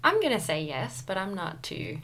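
A woman's voice: mid-range voice, big pitch swings, moderate pace, fairly bright tone. A woman chiming in with short, wry remarks in casual chat.

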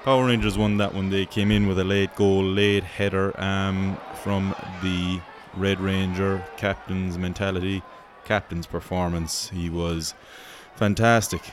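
Brief: Irish male host, very low voice, sweary rambling banter in mock sports-commentary style. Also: flat delivery, a little slow, few pauses, noisy background. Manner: profane, joking, rambling banter.

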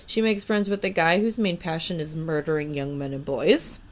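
Her low-pitched voice holds a steady tone at normal speed as this young podcast co-host reads out questionnaire answers. The talk is casual, and she laughs and swears in her remarks.

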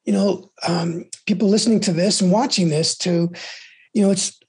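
A woman's voice: on the low side, steady tone, normal speed, darkish tone, husky. A woman hosting a candid conversation about recovery, telling stories frankly and rambling with many restarts.

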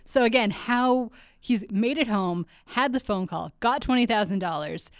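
A woman's voice: a little high, moderate pace, smooth, no echo, clean studio sound. A woman co-hosting a podcast, recapping a TV episode in casual chat and laughing often. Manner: giggly, laughs often between lines. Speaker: podcast co-host.

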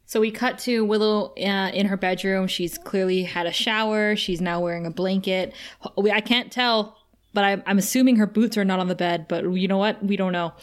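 A woman's voice: medium pitch, normal speed. A woman co-hosting a podcast, chatting casually and giggling often, with lots of "like". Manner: giggly, animated, many "like" fillers. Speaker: podcast co-host. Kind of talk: casual recap chat.

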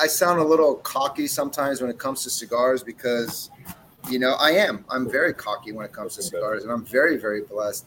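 A man's voice: medium pitch, fairly bright tone, a little hiss or hum, rough recording. A man in his forties who owns a cigar brand, telling blunt, profane stories in a casual interview chat. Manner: blunt, profane, brash storytelling.

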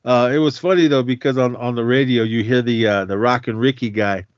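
A man's voice: medium pitch, fairly even intonation, a little fast, dry recording. A man co-hosting a podcast, casually recapping a film, rambling and restarting his sentences, often laughing and acting out lines. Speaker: podcast co-host. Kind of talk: casual movie recap chat. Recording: slightly dull dry podcast audio.

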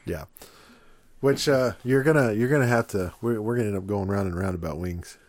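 A man's voice: lowish voice, a little fast, a little mellow, dry recording. A man co-hosting a podcast, casual chat, telling stories with lots of fillers and restarts. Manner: rambling storyteller with many fillers and restarts. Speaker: podcast co-host.

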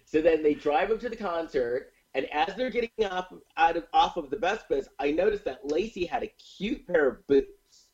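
A man recaps a film's plot for his co-hosts in an easy podcast chat, pausing on fillers and restarting his sentences. His voice rises and falls in wide swings and sits a little high for a man. The recording is a bit dull and lo-fi. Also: slightly rough. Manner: animated retelling of a plot, with many fillers and restarts. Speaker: podcast co-host recapping a movie. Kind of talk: casual chat.

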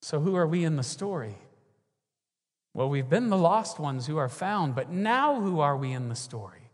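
A man's voice: a little high, big pitch swings, moderate pace. A man preaching a sermon, often asking the congregation questions. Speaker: pastor. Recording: long reverb of a large hall.

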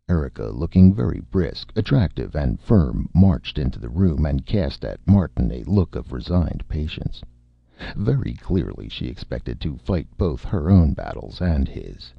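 A man narrating an audiobook in a measured, expressive way, in a dry, slightly muffled recording. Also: very deep voice, vocal fry, slightly rough, no room sound.

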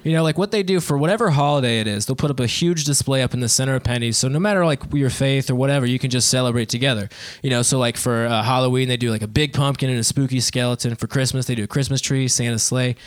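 A man's voice: mid-range voice, fast talker, hardly any pauses, clean tone. A man in his twenties doing a stand-up set in a living room, self-deprecating and laughing at his own jokes. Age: 20s. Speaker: stand-up comedian.

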